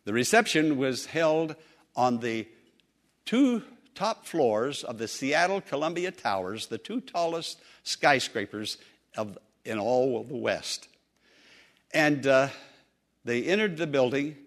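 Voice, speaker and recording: A male preacher telling a story in a sermon, earnest and emphatic, drawing out key phrases slowly. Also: mid-range voice, lively intonation.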